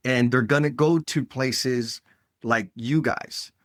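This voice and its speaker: Man, podcast host, blunt, emphatic, middle pitch, dry close sound. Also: slow, fairly bright tone, dry recording. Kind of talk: casual interview chat.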